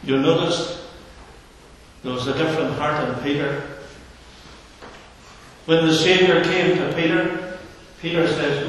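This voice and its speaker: A man preaching a sermon in an earnest, slow manner, sinking his voice low for emphasis. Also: steady tone, a bit bright, slight background noise. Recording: echoey hall from far off.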